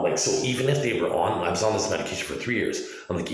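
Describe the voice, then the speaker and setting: A man's voice: low voice, expressive, fast talker. A man in his forties giving an agitated, profane, rambling monologue, full of restarts. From Canada. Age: 40s. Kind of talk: ranting video monologue. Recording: very echoey room.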